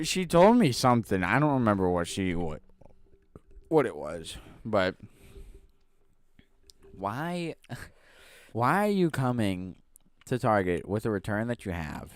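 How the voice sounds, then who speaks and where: A young man hosting a podcast, telling a story in casual, animated talk with some swearing. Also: fairly low pitch, unhurried, long pauses, no room sound. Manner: animated, swearing, frequent restarts. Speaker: podcast host.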